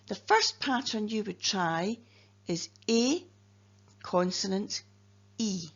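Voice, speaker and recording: Slow, careful Scottish woman teaching phonics. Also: mid-range voice. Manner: slow, careful, clearly spelling out letters and sounds. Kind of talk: phonics lesson narration. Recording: dull lo-fi recording.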